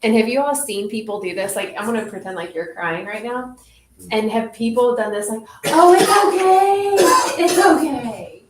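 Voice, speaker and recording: A woman leading a group in a relaxed, reflective way, often saying "like". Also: mid-range voice, a little fast. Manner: relaxed, reflective, says "like" a lot. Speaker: group facilitator. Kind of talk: casual wellness group talk. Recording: echoey room, faint noise.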